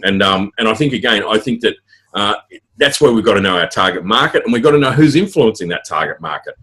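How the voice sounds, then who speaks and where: A middle-aged man with an Australian accent, an author chatting as a guest in an interview, rambling quickly through stories with many fillers and restarts. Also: on the low side, animated, fairly bright tone, breathy edge. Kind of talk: casual interview chat.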